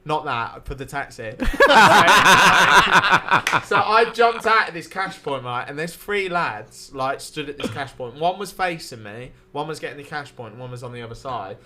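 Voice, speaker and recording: Bright-voiced man telling stories. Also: medium pitch, moderate pace, few pauses. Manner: animated, swearing, laughing storyteller. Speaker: podcast guest. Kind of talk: casual storytelling.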